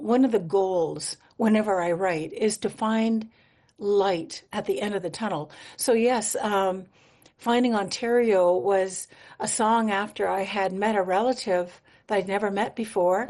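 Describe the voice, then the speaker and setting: A woman's voice: mid-range voice, a little mellow. Singer-songwriter woman from Manitoba, Canada, as a radio guest: mid-range voice, earnest, reflective storytelling with easy laughs. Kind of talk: radio interview conversation.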